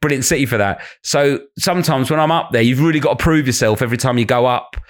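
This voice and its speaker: A man's voice: mid-range voice, quick pace. A man with a London accent, a stand-up comedian telling stories in casual chat, acting out heckles in raised voices. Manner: animated storytelling, acts out heckles in raised voices.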